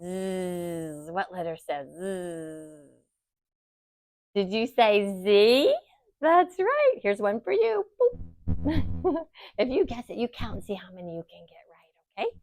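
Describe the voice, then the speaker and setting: A woman teaching young children phonics, sounding out letters slowly in an encouraging, sing-song way. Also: medium pitch, big pitch swings, a little mellow, no room sound.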